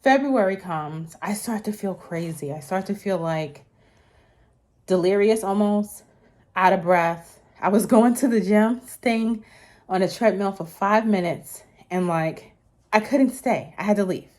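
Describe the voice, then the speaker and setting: This vlogger, a woman in her thirties, tells a personal story with a mid-range, darkish voice at a measured pace. She's chatty and a bit breathless, wandering through many fillers, restarts and self-corrections.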